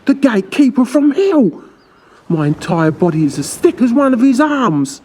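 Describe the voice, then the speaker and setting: A woman's voice: on the high side, very animated, moderate pace, a little mellow, slightly rough, pitched above the performer's own voice. A woman voicing a nervous, cheeky young man who talks in jumpy bursts. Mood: hissing. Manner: jumpy, gossipy.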